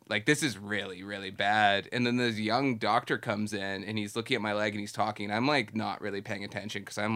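A man in his thirties co-hosting a podcast, telling a story casually with lots of "like". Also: fairly low pitch. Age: 30s. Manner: relaxed, filler-heavy, laughs through stories. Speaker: podcast co-host.

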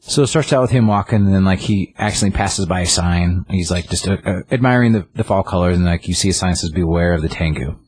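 A man's voice: low-pitched, quick pace, hardly any pauses, darkish tone, breathy edge, no room sound. A man chatting casually, retelling a comic book plot in a rambling way, full of fillers and acted-out lines. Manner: rambling, filler-heavy, acts out characters' lines.

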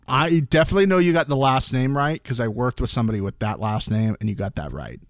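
A man co-hosting a casual podcast, playful and jokey. His pitch moves around a lot. The sound is close and dry. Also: expressive, fast, no room sound. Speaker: podcast co-host. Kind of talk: casual recap chat.

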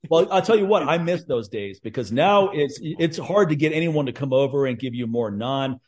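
A man hosting a casual chat, telling stories in a blunt, profane, animated way. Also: mid-range voice, normal speed. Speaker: podcast host.

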